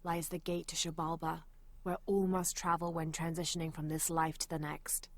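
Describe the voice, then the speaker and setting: An actress voicing a female adventurer in a video game, reading old journal entries aloud in a measured, serious way. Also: low voice, level tone. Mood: informative.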